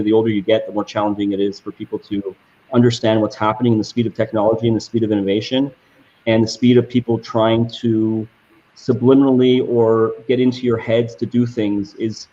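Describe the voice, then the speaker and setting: A man's voice: lowish voice, dark tone, dull audio. Passionate man with restarting speech. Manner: passionate, repeats words while restarting sentences. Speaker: guest entrepreneur. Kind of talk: reflective interview answers.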